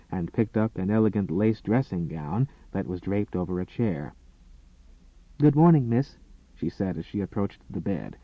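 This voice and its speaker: Guy narrating an audiobook, super animated delivery, tinny phone-ish sound, dead dry. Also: fairly low pitch, dry recording. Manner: dramatic, expressive storytelling. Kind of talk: scripted narration.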